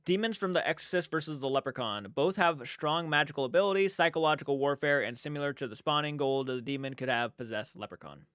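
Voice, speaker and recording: A young man hosts a late-night livestream, answering chat in a sleepy, rambling way, stopping and restarting his sentences. His voice sits a little high and sounds smooth and clean. The desk mic is close and dry, with no room sound. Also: fast talker, few pauses, a bit bright, no room sound. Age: young adult. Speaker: livestream host reading chat.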